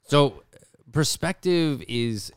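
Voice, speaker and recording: Fairly high-pitched and expressive, a man hosts a podcast from his studio at a slow, smooth pace. His casual chat rambles, is packed with "like," and often slips into acted-out quoted voices. The recording is clean studio sound with no room sound.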